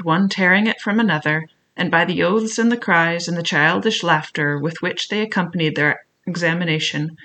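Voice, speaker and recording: Bright-toned male storyteller. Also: fairly high pitch. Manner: measured, reflective first-person telling. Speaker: audiobook narrator. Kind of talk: storytelling narration of a classic novel.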